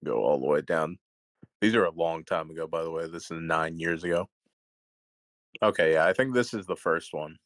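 Deep-voiced man hosting a podcast. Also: moderate pace, no room sound. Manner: relaxed, laughs easily. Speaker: podcast host. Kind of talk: casual podcast chat.

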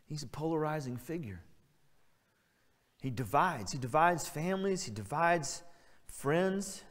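A man's voice: fairly high pitch, lively intonation, a little slow, a bit bright. A male pastor preaching a sermon, earnest and emphatic, stressing key words as he builds his point. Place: church sanctuary. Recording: church hall reverb.

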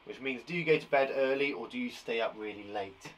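A young British man who is a primary school teacher, giving a lively, encouraging online lesson to young children, with playful asides. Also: mid-range voice, brisk, hardly any pauses, dull audio. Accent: British English.

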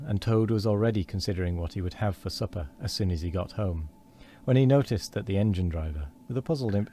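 A man reads a storybook aloud at a measured pace, now and then tripping and restarting a word. His voice is low and mellow, with a faint hiss behind it. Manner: measured, with small slips and restarts. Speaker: streamer reading a book aloud. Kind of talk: storybook reading.

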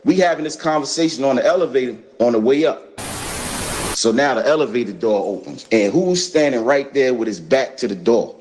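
A man's voice: medium pitch, expressive, a little fast, darkish tone, a little hiss or hum. A man from Brooklyn, telling a story in casual profane speech and acting out what others said. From Brooklyn, New York. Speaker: storyteller recounting an event. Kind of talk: casual spoken recollection.

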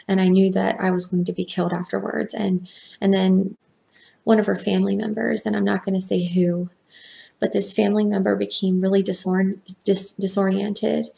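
A woman recounting a dream in a slow, hesitant, halting way. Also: mid-range voice, level tone, gravelly, dark tone.

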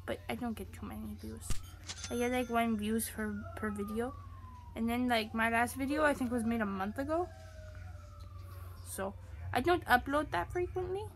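A woman's voice: fairly high pitch, moderate pace, pauses often, slight background noise, close to an everyday voice. A woman playing a giddy boastful puppy. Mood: giddy bragging. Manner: giddy, bragging, swings to loud shouts and whispers. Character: silly boastful young puppy. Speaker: channel host. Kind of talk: gameplay commentary in character.

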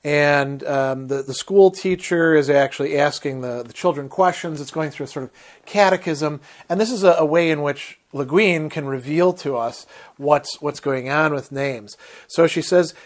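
Male lecturer, fairly high voice, thoughtful, restarts his sentences as he explains a book. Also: moderate pace. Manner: thoughtful, hesitant restarts, reads passages aloud. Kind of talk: literature lecture with readings.

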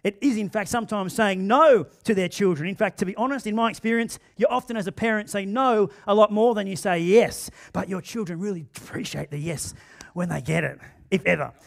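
A man with an Australian accent preaching a sermon in a church, swinging between loud emphatic bursts and quiet asides. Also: high voice, fairly quick, gravelly. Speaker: pastor. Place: church auditorium.

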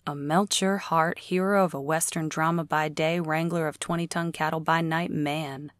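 A woman reading a novel aloud as an audiobook narrator, in a steady storytelling read. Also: low-pitched, moderate pace, dry recording, studio quality.

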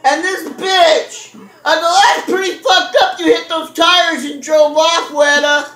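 A very high-pitched, bright-voiced woman tells a story at full volume, cursing and laughing through it. The room around her is echoey. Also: steady tone, unhurried. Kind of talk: loud profane storytelling. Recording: roomy echo.

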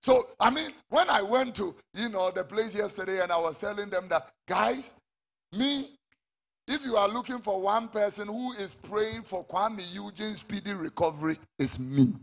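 A middle-aged man with a Ghanaian English accent, preaching a sermon as a prophet, with sudden shouted peaks. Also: sits high, lively intonation, normal speed, vocal fry.

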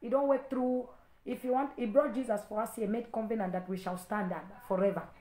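A woman's voice: a little high, steady tone, brisk, echoey room. A woman preacher delivering an impassioned sermon, repeating her points and rising into stern warnings. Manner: exhorting, repetitive, rising to stern loud warnings.

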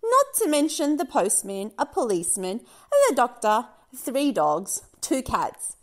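A woman narrating a children's picture book aloud in an expressive, sing-song storytelling manner. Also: fairly high pitch, measured pace, few pauses. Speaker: storybook reader.

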